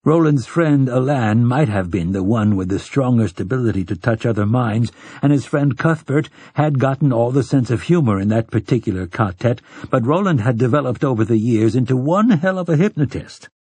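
A man narrating an audiobook in a measured, even storytelling manner, with a husky voice. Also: medium pitch, dry recording. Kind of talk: scripted narration.

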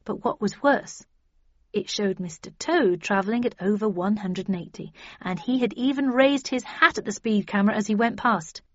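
A woman narrating a story in an even, wry first-person reading. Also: mid-range voice, moderate pace, no room sound. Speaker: audiobook narrator. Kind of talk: scripted narration. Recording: dull dry lo-fi audio.

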